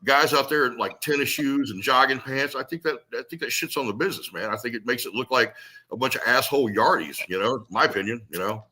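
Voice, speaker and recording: A young adult man, a pro wrestler, telling stories in casual, profane, animated chat. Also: medium pitch, quick pace, breathy edge.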